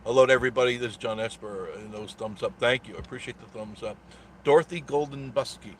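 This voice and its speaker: A man's voice: lowish voice, fairly even intonation, fast, a little hiss or hum. A man hosting a casual live stream, telling a rambling story with a sarcastic edge and greeting viewers in the chat.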